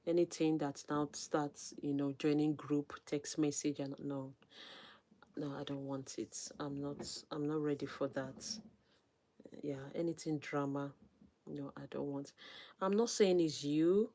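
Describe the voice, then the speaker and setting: Casting: female streamer, low voice, soft near-whispered asides, live shout-outs. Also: fairly even intonation. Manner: reads viewer names, gives shout-outs; soft, unhurried, drops to near-whisper at times. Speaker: YouTuber hosting a livestream. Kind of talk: casual livestream chat, reading comments.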